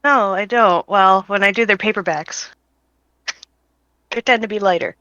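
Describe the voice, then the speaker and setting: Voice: mid-range voice, moderate pace, bright, forceful tone, no echo, dull audio. Self-mocking tabletop player. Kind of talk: casual tabletop play.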